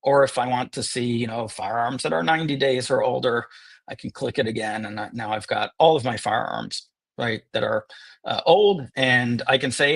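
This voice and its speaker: A man hosting a live webinar and demoing software. He is upbeat and joking, with sarcastic asides. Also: medium pitch, moderate pace, vocal fry, husky. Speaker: webinar host and software presenter. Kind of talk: live webinar product demo. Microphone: earpiece in one ear.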